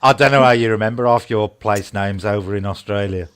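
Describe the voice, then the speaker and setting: A man's voice: lowish voice, fairly quick, clear, resonant tone. A man with a Birmingham accent in casual, jokey chat, teasing his friends and laughing often. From England, near Birmingham. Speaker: live chat host.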